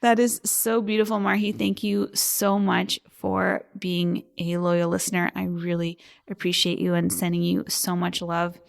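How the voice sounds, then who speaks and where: A woman's voice: fairly low pitch, little pitch movement, unhurried, vocal fry. A woman in her thirties hosting a podcast, talking in a heartfelt, gushing way. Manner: warm, heartfelt and gushing, often near tears. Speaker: podcast host. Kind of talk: reading listener reviews on a podcast; scripted disclaimer read.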